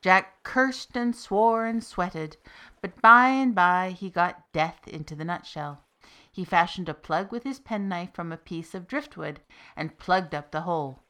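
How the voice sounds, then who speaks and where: A woman's voice: on the low side, a little slow, clean tone. Woman narrating a folk tale. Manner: steady, expressive reading. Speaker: storyteller.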